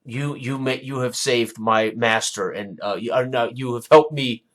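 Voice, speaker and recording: A man voicing a grieving, grateful servant who talks haltingly, with many stammered restarts. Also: medium pitch, fairly bright tone, lightly acted.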